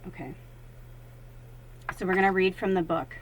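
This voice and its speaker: A woman's voice: fairly low pitch, normal speed, a little hiss or hum, poor audio. A woman working as a psychic medium, talking casually and animatedly to viewers during a card reading. She swears freely and acts out her own thoughts in quoted asides.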